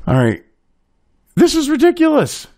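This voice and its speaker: A man's voice: very high-pitched, huge pitch swings, unhurried, mellow, dry recording, clean studio sound. A man hosting a commentary show, ranting with indignant, sarcastic, profane outbursts.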